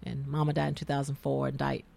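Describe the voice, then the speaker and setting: A woman's voice: rumbling low, monotone, quick pace, gravelly, darkish tone. A middle-aged woman with a Southern US accent, hosting a casual radio talk show and telling stories in a tangential, emotional way. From American South.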